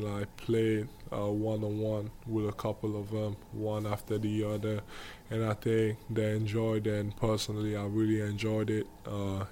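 A man with an African accent, answering interview questions casually and pausing often to find his words. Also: fairly low pitch, a little mellow, a little hiss or hum. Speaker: guest basketball player.

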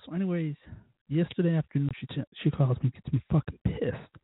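A man's voice: on the high side, a little fast, breathy edge, no echo. A man hosting a podcast, telling a profane, fired-up story in a casual rant. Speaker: podcast host. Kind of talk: casual ranting monologue. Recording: tinny phone-like, dry.

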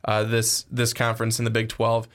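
A man's voice: on the low side, monotone, normal speed, a bit bright. A young man co-hosting a casual sports podcast, rambling and restarting his sentences as he argues his point. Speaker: podcast co-host.

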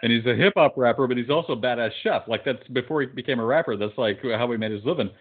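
A man's voice: medium pitch, quick pace, slightly rough. A man co-hosting a podcast, eagerly recommending things in casual banter. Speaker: podcast co-host. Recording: tinny phone-like sound.

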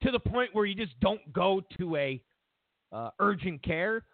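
Male talk host, casual rambling storyteller, very expressive pitch, phone-thin sound. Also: a little slow, no room sound. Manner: animated storytelling with restarts. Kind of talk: casual monologue. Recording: tinny phone-like audio, dry.

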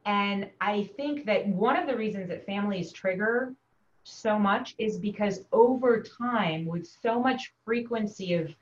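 A woman guest, a family doctor, speaking in a soft, reflective and measured way in calm conversation. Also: medium pitch, muffled recording. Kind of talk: calm conversational podcast talk.

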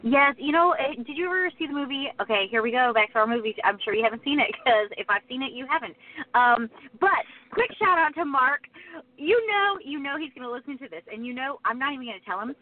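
Talkative woman cohost telling long stories, highish voice, phone-line tinny. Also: lively intonation, fast. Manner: chatty, storytelling, wordy. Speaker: co-host. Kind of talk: casual faith podcast chat.

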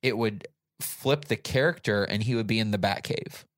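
A man's voice: lowish voice, normal speed, no room sound. A man in his thirties from Michigan, co-hosting a podcast in casual chat with dry, wry asides. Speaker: podcast co-host.

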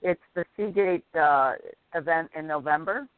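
A woman's voice: deep voice, moderate pace, no room sound. A woman co-hosting a radio show, explaining her plans in a matter-of-fact, casual way. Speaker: radio co-host and golf professional. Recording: dry phone-like line.

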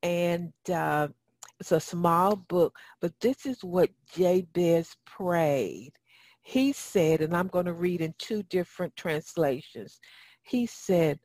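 A woman's voice: lowish voice, slow pace, darkish tone, dry recording. A woman giving a Bible teaching in a folksy, emphatic way and reading scripture aloud. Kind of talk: sermon teaching.

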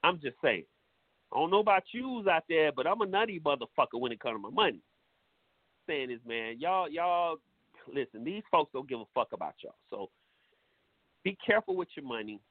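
A man's voice: fairly high pitch, animated, normal speed, dry recording. A man hosting a talk show, giving blunt, profane advice in a preachy, casual monologue. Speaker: radio show host. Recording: tinny phone-like sound.

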